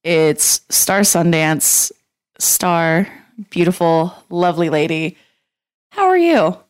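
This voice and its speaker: Slow-talking woman podcast host. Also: lowish voice, clean tone. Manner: laughs easily, relaxed. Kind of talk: casual podcast chat.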